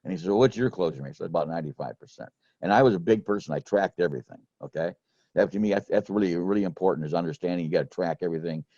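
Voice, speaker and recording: A man's voice: low-pitched, very fast, mellow, no echo, lo-fi sound. A middle-aged man telling rambling, folksy stories about selling insurance, with lots of restarts. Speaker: former insurance sales manager telling sales stories. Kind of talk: casual storytelling chat.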